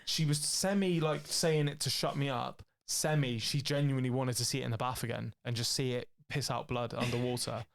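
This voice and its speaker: Gravelly British man telling rambling stories. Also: mid-range voice, fairly quick, hardly any pauses. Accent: British English. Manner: rambling, profane, animated storytelling with acted-out quotes. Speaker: podcast co-host. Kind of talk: casual storytelling chat.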